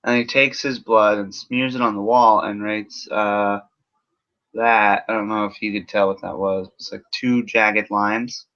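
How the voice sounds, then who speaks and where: A man's voice: lowish voice, fairly even intonation, a little slow, a bit bright. A man giving a casual, rambling film review full of sarcasm and swearing. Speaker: movie reviewer. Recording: dull lo-fi recording.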